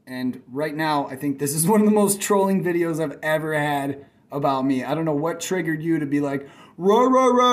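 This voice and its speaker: A man hosting his own channel, answering a critic with heated, profane commentary. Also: a little high. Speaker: channel host. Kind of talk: reaction commentary.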